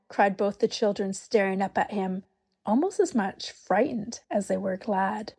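Slow, breathy woman reading a storybook. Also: mid-range voice. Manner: unhurried, expressive, often dropping to a whisper. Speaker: narrator.

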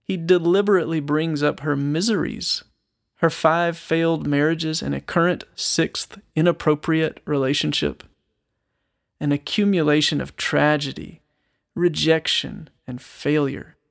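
A man's voice: fairly high pitch, fairly even intonation, measured pace, vocal fry. A man giving an earnest, reflective Bible teaching, reading a psalm aloud and asking his listeners rhetorical questions. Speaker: Christian speaker and musician.

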